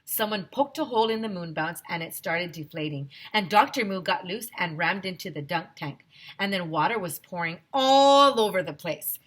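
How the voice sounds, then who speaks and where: A woman's voice: on the low side, lively intonation, moderate pace, a bit bright. A woman teacher reading a children's chapter book aloud to young listeners, telling it expressively with many voices.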